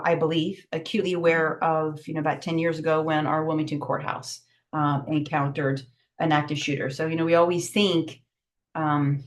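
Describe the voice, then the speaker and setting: A middle-aged woman giving a virtual safety training, brisk and emphatic with many fillers, over a video call. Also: low-pitched.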